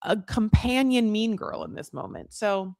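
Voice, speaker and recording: A woman's voice: mid-range voice, sing-song, unhurried, gravelly, darkish tone, dry recording, studio quality. A woman hosting a reality-TV recap who talks in candid, profane, gossipy casual commentary, filled with "like".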